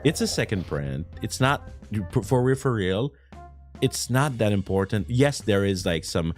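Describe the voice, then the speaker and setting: A man hosting a casual streamed chat, excitable, repeating words and breaking into laughter. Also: lowish voice, measured pace, faint music behind. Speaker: host.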